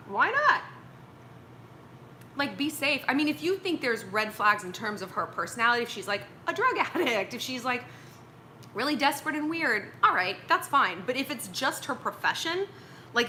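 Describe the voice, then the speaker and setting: A woman's voice: fairly high pitch, slight background noise. A young woman hosting a casual dating-advice livestream, blunt and joking, acting out the people she quotes. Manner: animated, blunt and joking, acts out quoted speech.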